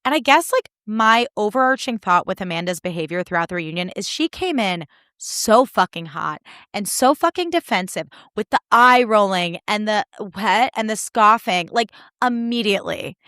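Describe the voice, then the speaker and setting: A young woman hosting a solo podcast, recapping reality TV in animated, indignant, sarcastic talk with plenty of swearing. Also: mid-range voice, moderate pace, no echo, studio quality. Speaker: podcast host.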